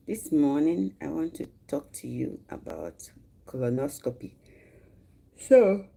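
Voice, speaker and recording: A Ghanaian woman in her forties talks slowly on a casual livestream, breaking off to greet viewers by name. Her voice is gravelly and mellow. She chats in an easy, unhurried way. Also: low-pitched. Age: 40s. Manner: chatty, greets viewers mid-talk. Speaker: livestream host.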